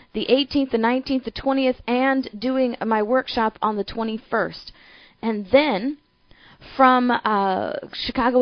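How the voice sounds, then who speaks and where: A woman with a Midwestern American accent hosting a political talk show, speaking in an energetic, emphatic and chatty way. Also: fairly high pitch, dry recording, lo-fi sound.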